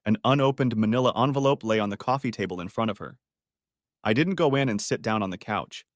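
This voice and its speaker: A man's voice: lowish voice, fast talker, dry recording, clean studio sound. A man narrating a reflective, emotional first-person audiobook story.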